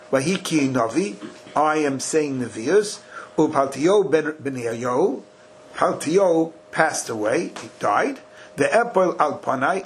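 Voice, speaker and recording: A man teaching a Talmud study class, chanting Aramaic and Hebrew slowly and then translating it in a lively way. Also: on the high side, slightly rough, rough recording.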